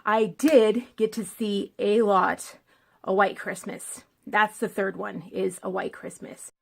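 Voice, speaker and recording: A woman's voice: medium pitch, flat delivery, takes it slowly, gravelly. A woman talking casually to the camera as a film vlogger, rambling and digressive, with lots of fillers.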